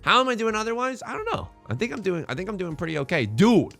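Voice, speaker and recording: A young man giving casual, joking commentary over his own gameplay, slipping in quick impressions. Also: high-pitched, very animated, gravelly, a bit bright, faint music behind. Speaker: let's play streamer. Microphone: headset mic.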